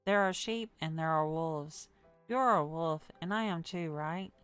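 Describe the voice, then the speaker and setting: A woman's voice: sits low, unhurried, fairly bright tone, clear, resonant tone, faint music behind. Woman reading as a devoted, obsessive young woman. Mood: fervent.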